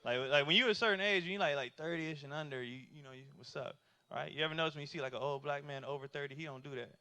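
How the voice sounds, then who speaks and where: A man in his thirties does stand-up comedy, speaking loosely and conversationally with lots of fillers and rhetorical questions to the audience. His voice is on the high side, racing, bright and forceful, with a clean tone.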